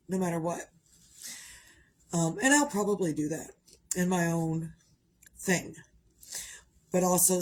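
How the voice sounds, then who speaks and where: A woman's voice: lowish voice, low-quality recording. A middle-aged woman talking through grief in a rambling, heartfelt personal vlog about her crochet projects. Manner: rambling, heartfelt, grieving mother. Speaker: vlogger, crocheter.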